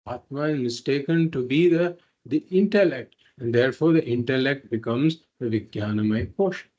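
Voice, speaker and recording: A man's voice: mid-range voice, moderate pace, a little mellow, lo-fi sound. A man teaching a spiritual philosophy class, explaining patiently and repeating points through simple examples. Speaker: Vedanta teacher.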